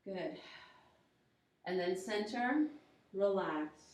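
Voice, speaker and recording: A woman guides a yoga workout, counting down reps and cheering students on with calm, step-by-step cues. Her voice sits in a very echoey room and is picked up from well away from the mic. Her pitch is mid-range for a woman. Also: very slow, distant mic. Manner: encouraging, gives steady step-by-step cues and countdowns. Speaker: yoga instructor.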